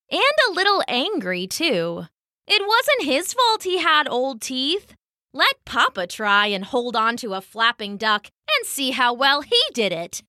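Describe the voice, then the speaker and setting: Slow, lively woman storyteller. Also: fairly high pitch, dry recording, clean studio sound. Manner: expressive, animated storytelling. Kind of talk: scripted children's story narration.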